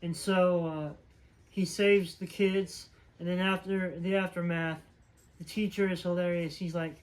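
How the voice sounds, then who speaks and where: Man for a casual movie-review vlog: high-pitched voice, loose and rambling, full of "uh" and "like". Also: little pitch movement, a little slow, rough recording. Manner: rambling, filler-heavy retelling. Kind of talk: casual movie plot recap.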